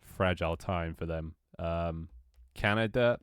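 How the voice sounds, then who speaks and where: Talking a little slowly, a young Londoner with a very low, clean-toned voice rambles through a casual chat with stream viewers. He swears casually and trips over his words, frequently restarting and laughing. The audio is dry and close, with no room sound.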